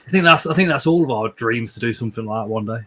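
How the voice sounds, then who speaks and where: A man's voice: mid-range voice, expressive, rapid-fire, fairly bright tone. A man hosting a casual live stream from home, rambling, repeating words and chuckling as he reads out viewer comments.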